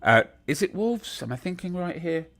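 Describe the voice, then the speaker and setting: A man's voice: fairly high pitch, big pitch swings, moderate pace, fairly bright tone. An older man chatting casually who often repeats his words as he searches for them, and laughs easily. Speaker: guest. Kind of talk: casual chat.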